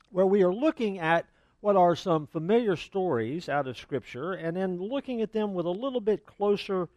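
Conversational pastor with a higher voice. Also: male voice, no room sound. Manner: conversational, relaxed, with fillers and asides. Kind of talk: sermon. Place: church.

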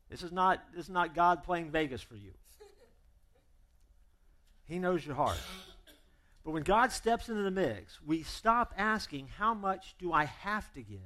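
A man preaching a sermon as pastor, humorous and emphatic, acting out both sides of imagined conversations. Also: fairly high pitch. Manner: animated and emphatic.

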